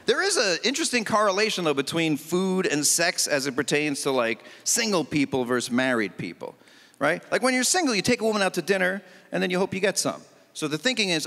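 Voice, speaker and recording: Bright, lively stand-up comedian man. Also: high-pitched, a little fast, gravelly, long reverb tail. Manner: animated, punchy, mock-exasperated. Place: comedy festival stage, Montreal.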